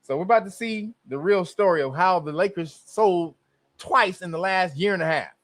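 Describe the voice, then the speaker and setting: A man's voice: high-pitched, moderate pace, no echo. A man hosting a live stream, talking casually with lots of profanity and sudden bursts of outrage. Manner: profane, excitable, bursts into loud outrage and laughter.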